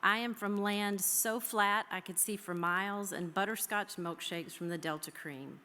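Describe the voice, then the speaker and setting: A woman from the American South, a history teacher, reading her own poem aloud and then speaking warmly and folksily to her students. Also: mid-range voice, unhurried. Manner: heartfelt, folksy, says y'all. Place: school chapel. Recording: reverberant hall.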